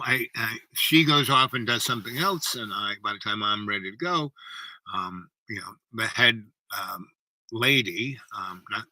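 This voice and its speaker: A man's voice: fairly low pitch, bright, forceful tone, no room sound, rough recording. A man telling a personal story in a rambling way, full of asides and "you know, right?".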